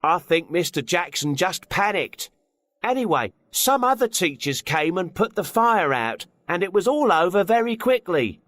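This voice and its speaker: A man voicing a schoolboy in a textbook listening dialogue, telling a friend a story in a lively way. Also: high voice, moderate pace, dry recording, studio quality.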